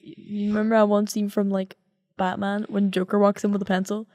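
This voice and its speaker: A woman's voice: mid-range voice, little pitch movement, fairly quick, mellow, no echo, studio quality. A woman with an Irish accent co-hosting a podcast, chatting casually, giggling and murmuring agreement. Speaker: podcast co-host. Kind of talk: casual chat.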